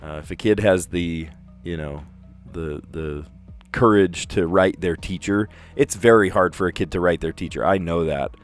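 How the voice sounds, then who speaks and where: A man's voice: sits low, moderate pace, soft background music. A man, a teacher, hosting a casual puzzle livestream, thinking aloud with chatty, self-amused asides.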